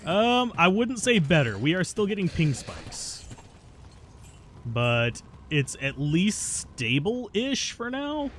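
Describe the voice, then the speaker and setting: A man's high, sing-song, somewhat bright voice takes things slowly as he streams a game live, chatting casually and answering viewer questions between plays. Stubborn and self-mocking, he's heard over slight background noise.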